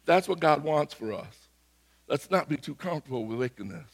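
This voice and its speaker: A middle-aged pastor preaching in a casual, conversational way, his voice a little hoarse. He sits a touch higher than most men and tells his stories with animated energy. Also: a little fast, long reverb tail. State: slightly hoarse. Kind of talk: sermon with personal story.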